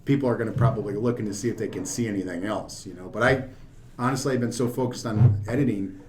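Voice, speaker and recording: Man, film director guest, rapid chatty talk, echoey room, faint clicks behind. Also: lowish voice, darkish tone, slight background noise. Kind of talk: casual podcast chat.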